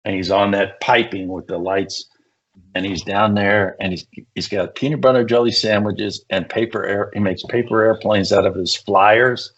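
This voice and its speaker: An older man with a husky, slightly low voice tells animated police stories. His recording sounds a little muffled and lo-fi. He slips into the voices of the people he quotes as he goes. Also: moderate pace. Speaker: guest, retired police SWAT negotiator. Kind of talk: casual storytelling.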